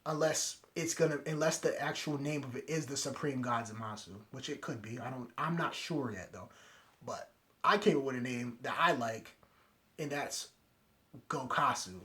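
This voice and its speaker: A young man reviewing an anime episode in a casual, excited recap, retelling scenes and acting out the lines he quotes. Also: medium pitch, normal speed.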